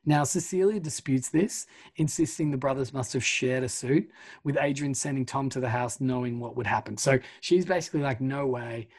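A man's voice: mid-range voice, fairly quick, a little mellow, breathy edge. A man co-hosting a podcast, casually retelling a film plot in a chatty way full of fillers and the odd swear. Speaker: podcast co-host.

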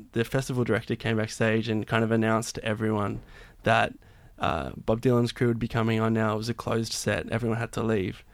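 A man's voice: lowish voice, no echo. A man, a singer-songwriter telling a long backstage story in casual chat, full of restarts and fillers. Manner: rambling, many restarts and fillers.

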